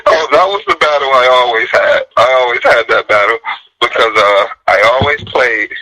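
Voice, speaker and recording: A man hosting a radio talk show, telling stories in an animated way and laughing as he goes. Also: mid-range voice, moderate pace, rough recording. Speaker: radio host. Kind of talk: casual radio chat.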